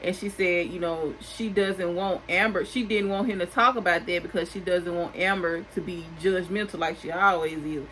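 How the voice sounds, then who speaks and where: A woman's voice: lowish voice, steady tone, moderate pace, few pauses, fairly bright tone, slight background noise, poor audio. Chatty woman recapping reality TV, sassy. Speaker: recap host.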